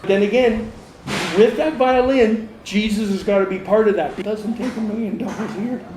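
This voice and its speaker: A man's voice: high voice, moderate pace. A man working as a missionary, speaking in an interview in an earnest, emphatic way, often repeating himself for stress. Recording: echoey room, faint noise.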